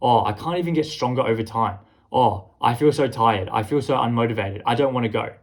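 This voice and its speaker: A man's voice: mid-range voice, brisk, lightly acted. A man voicing a tired, whining young man making excuses about skipping the gym. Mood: whiny. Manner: whining, self-pitying.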